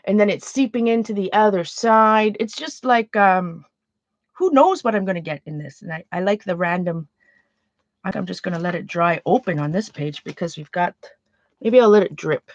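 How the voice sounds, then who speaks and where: A woman's voice: mid-range voice, animated, moderate pace, dry recording, lo-fi sound. A Canadian woman chatting casually on a livestream while making art, rambling and often restarting her sentences.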